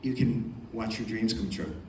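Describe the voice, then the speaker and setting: A man's voice: lowish voice, moderate pace, very noisy. Older male speaker, emphatic storyteller, live in a large reverberant hall. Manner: storytelling, emphatic, repeats phrases for effect. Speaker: film producer giving a festival talk. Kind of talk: motivational speech to an audience. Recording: echoey hall, voice from far off.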